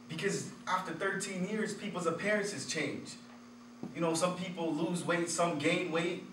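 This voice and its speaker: A man's voice: a little high, fairly bright tone. A man giving a motivational talk, telling candid personal stories and chuckling at his own stories. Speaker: motivational speaker. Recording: roomy echo, distant from the mic, faint noise.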